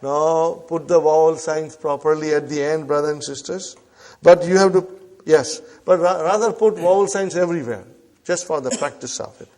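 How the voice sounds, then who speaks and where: A man teaching Arabic to a class, slowly repeating phrases and prompting the students with short questions. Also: on the high side, a little mellow. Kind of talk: classroom lesson.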